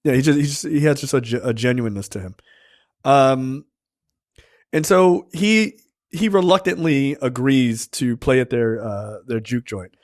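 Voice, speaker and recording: Halting man recapping a film, dry sound. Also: mid-range voice, dry recording. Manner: halting, with frequent ums and uhs. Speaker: film review podcast co-host. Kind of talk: casual chat.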